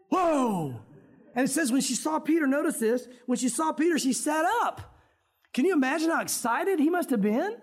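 A male pastor preaching a conversational sermon, talking straight to the congregation and acting out prayers in dramatic voices. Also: very high-pitched.

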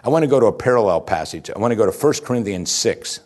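A man with a somewhat low voice preaches a sermon. He talks in a lively, conversational way, chuckling at his own asides. Now and then he climbs to emphatic, raised peaks. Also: fast talker. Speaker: pastor.

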